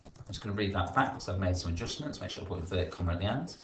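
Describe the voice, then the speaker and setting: Deep-voiced teacher thinking aloud. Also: male voice, lively intonation, racing. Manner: thinks aloud while typing, rephrasing and correcting himself. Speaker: primary school teacher. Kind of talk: screen-recorded writing lesson, thinking aloud. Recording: echoey room with faint hiss and keyboard clicks.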